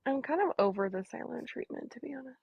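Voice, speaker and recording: A woman's voice: sits high, lively intonation, fast, gravelly, breathy edge, lo-fi sound. A woman in a casual livestream group chat, blunt and teasing, speaking over a video call. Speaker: livestream participant.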